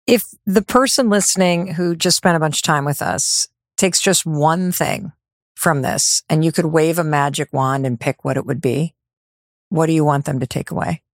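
A woman's voice: low voice, normal speed, no room sound, studio quality. A woman hosting a podcast interview, speaking in an earnest, effusive way. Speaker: podcast host. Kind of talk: interview chat.

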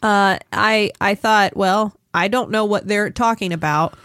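A woman's voice: mid-range voice, unhurried, fairly bright tone, dry recording, clean studio sound. A woman with a stuffy, nasal voice from a cold, co-hosting a casual podcast with a wry, slightly exasperated manner. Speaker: podcast co-host. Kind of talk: casual chat.

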